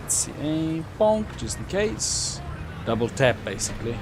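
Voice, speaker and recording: A young man talks his way through a live game stream in a lively, bouncing voice, rambling casually between sudden excited yelps. A faint hum of noise sits behind him. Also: on the high side, unhurried. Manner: chatty, with sudden excited outbursts. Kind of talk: live gameplay commentary.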